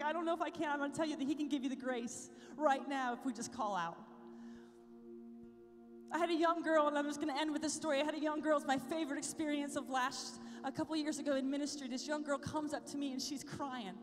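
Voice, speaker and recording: Woman, very high voice, youth conference keynote, fervent, long hall echo, music underneath. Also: fairly even intonation, quick pace. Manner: passionate, rising to fervent prayer.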